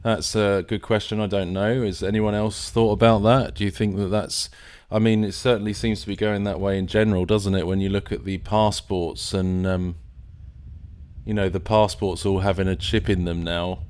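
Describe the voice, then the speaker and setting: A man's voice: on the low side, level tone, normal speed, a little mellow, smooth. A man from near London with an English accent, hosting a live stream in a casual, rambling way with many fillers and restarts. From England, near London.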